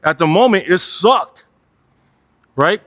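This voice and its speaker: A man's voice: high-pitched, expressive, takes it slowly, a bit bright, no echo, studio quality. Blunt, profane man in his forties. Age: 40s. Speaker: motivational speaker. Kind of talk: candid motivational talk.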